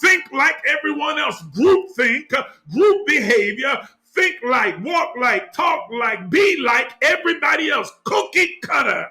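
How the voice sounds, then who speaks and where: A man teaching on the spiritual life in a preaching cadence, repeating phrases and rising to shouts. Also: extremely high pitch, big pitch swings, a little slow, gravelly, soft background music.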